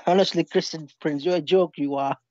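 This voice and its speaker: A man's voice: on the high side, normal speed, a little mellow, dry recording. A male caller arguing defensively in a religious debate, often laughing dismissively. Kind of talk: debating on a phone call. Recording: dry, dull phone-call audio.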